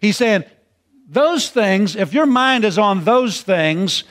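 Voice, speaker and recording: A man preaching a sermon in a folksy, repetitive way that climbs into shouted emphasis. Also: high voice, expressive, takes it slowly.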